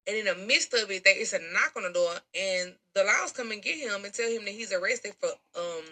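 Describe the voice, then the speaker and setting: A woman's voice: medium pitch, fairly quick, pushed and bright, poor audio. A woman tells her own story in a blunt, emphatic way, with a lot of slang. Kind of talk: recorded personal story.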